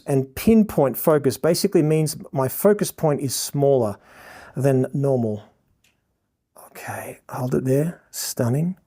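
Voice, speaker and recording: An Australian man leads a photography lesson while shooting, his voice sitting slightly high with a soft, mellow tone. He heaps praise on his model between shots. He breaks down settings and choices step by step for the viewers. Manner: effusive, showering the model with praise. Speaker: photographer teaching a lighting lesson. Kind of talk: live instruction while shooting a portrait session.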